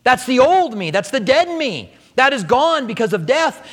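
A male pastor preaching a sermon to a congregation, emphatic, swinging his pitch and pace and repeating phrases for emphasis. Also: big pitch swings, normal speed, hardly any pauses, a bit bright. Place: church sanctuary before a congregation. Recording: sermon with long hall reverb.

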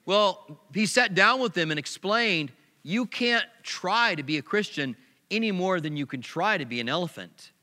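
A pastor preaching a sermon, animated, with sharp swings in pitch and loudness. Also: male voice, normal speed, big-room sound.

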